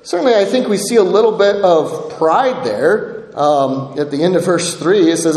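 A man's voice: sits high, expressive, moderate pace, a little mellow. A man preaching a sermon, reading scripture aloud and pressing his listeners with rhetorical questions, often adding "right?". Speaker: pastor. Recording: echoey hall with long reverb.

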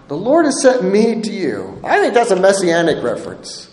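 A man's voice: sits high, wildly swooping pitch, moderate pace, hardly any pauses, darkish tone. A man preaching a sermon, emphatic and checking in with the congregation by asking "right?" again and again. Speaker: pastor. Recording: echoey hall with long reverb.

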